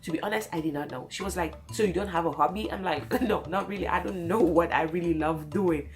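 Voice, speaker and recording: A young woman telling a story-time vlog at home in a slightly low voice that leaps up whenever she gets excited. She laughs often and talks casually, with faint music running underneath. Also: fairly quick. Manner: animated, laughs often, voice jumps high when excited. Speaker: vlogger, single mother. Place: home, late at night.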